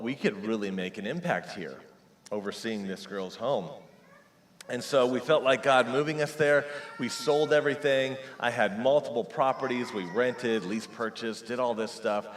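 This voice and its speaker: A man in his forties preaching a sermon as pastor, telling a personal story and acting out prayers and conversations. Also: on the low side. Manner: personal storytelling, acts out quoted prayers and dialogue. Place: church sanctuary. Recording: long hall reverb.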